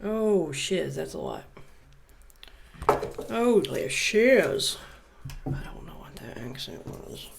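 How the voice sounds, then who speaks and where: Woman, tarot reader, gravelly voice, casual musing delivery. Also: low-pitched, sing-song, unhurried, few pauses, noisy background. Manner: reads card messages aloud, muses and jokes between them.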